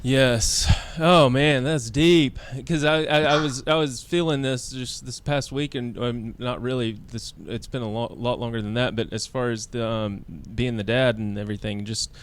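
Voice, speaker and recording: A man in his thirties with a smooth, resonant voice at a middle pitch. He talks in loose, casual podcast chat, often restarting and groping for the right words. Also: fairly even intonation. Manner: halting, searching for words with many restarts and fillers. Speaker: podcast co-host.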